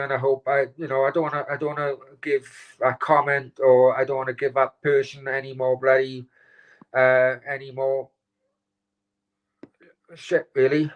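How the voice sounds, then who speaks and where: A man talks to his live chat in a voice of ordinary pitch. He is upset and close to tears, and he stops and restarts his sentences often, with a curse now and then. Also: flat delivery, dull audio. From Wales. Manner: upset, halting, swears, many restarts. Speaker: channel host.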